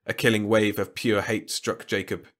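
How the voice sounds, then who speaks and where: A man narrating a science-fiction story aloud in an even, measured storytelling voice. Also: fairly low pitch. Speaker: audiobook narrator.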